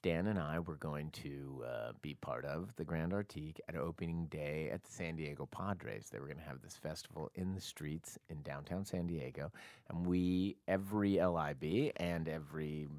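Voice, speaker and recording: A man's voice: very deep voice, normal speed, darkish tone, dry recording, clean studio sound. A middle-aged man co-hosting a podcast, chatting casually and rambling with self-mocking humor. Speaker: podcast co-host. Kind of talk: casual chat.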